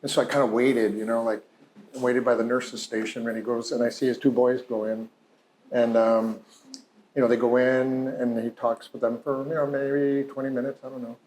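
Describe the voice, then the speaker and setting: A man's voice: medium pitch, little pitch movement, normal speed, a little mellow, slight background noise. A male psychologist telling a patient's story in a conversational, heartfelt lecture, full of "you know" and "like". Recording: roomy echo.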